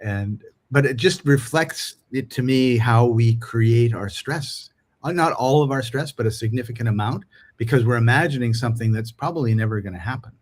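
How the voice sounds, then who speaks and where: Animated middle-aged man telling stories. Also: medium pitch, moderate pace. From Canada. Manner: animated storyteller acting out dialogue. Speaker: podcast co-host. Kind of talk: casual podcast chat.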